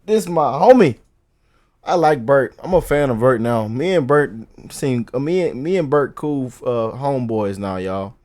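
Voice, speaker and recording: A man giving loud, playful commentary as he reacts to a comedy clip. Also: medium pitch, lively intonation, a little slow. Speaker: reaction video host.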